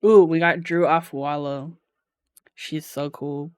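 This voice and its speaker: A woman's voice: low voice, fairly even intonation, takes it slowly, smooth, no room sound, clean studio sound. A woman live streamer at home, chatting casually with her viewers, with lots of filler "like" and easy laughter. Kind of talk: casual chat while reading live chat.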